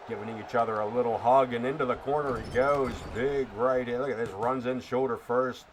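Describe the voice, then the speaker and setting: A man doing a hammy old-time radio wrestling announcer, nasal and pushed high in the chest. He stretches his words into a booming play-by-play call, and steady noise hums underneath. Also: lightly acted. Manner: booming, drawn-out announcer delivery. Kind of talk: mock play-by-play commentary.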